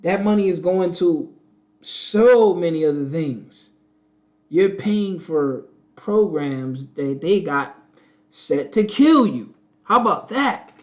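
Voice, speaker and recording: Male host, higher-pitched, preachy and repetitive; dull lo-fi audio. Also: lively intonation, slow pace. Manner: preachy, repetitive, addresses viewers as family. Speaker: channel host. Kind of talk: casual live-stream commentary.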